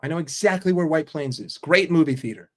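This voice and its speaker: A man's voice: on the high side, brisk. Brash, profane New man. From New York. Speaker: football vlogger. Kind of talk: casual rant to camera.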